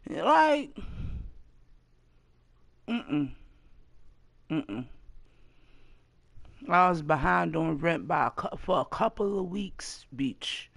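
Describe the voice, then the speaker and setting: A woman in her late thirties in a casual to-camera vlog rant, blunt and profane, with sudden loud outbursts. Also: sits low, sing-song, extremely slow, vocal fry, pauses often, no echo. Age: 30s. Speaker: vlogger.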